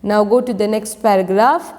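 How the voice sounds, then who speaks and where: A woman teacher reading a lesson aloud for an online class, slowly repeating each vocabulary word. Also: medium pitch, fairly even intonation, darkish tone. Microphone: online class recording. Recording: long reverb.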